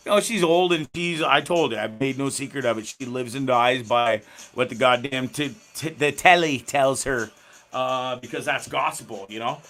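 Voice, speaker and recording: Bright-voiced, rambling host. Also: male voice, medium pitch, moderate pace. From Canada. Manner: rambling, profane, laughs often, many restarts. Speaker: host of a live show. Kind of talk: rambling live-stream chat. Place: small home studio. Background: faint background music.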